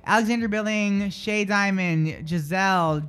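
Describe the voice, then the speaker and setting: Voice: medium pitch, unhurried, fairly bright tone, clean tone. Giggly rambling radio co-host. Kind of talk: casual radio chat. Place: radio studio.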